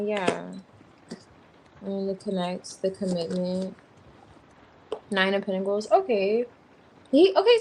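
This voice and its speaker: A woman's voice: medium pitch, a little mellow, slightly rough, rough recording. A woman giving a tarot reading on a livestream, thinking aloud as she turns over cards. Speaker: tarot reader.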